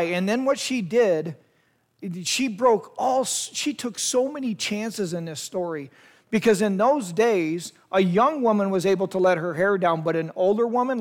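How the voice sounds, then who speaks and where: Youth pastor guy, pretty high voice, telling the story like he's right there, talking right at the kids. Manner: vivid retelling, speaks straight to listeners. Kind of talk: storytelling sermon to a youth group.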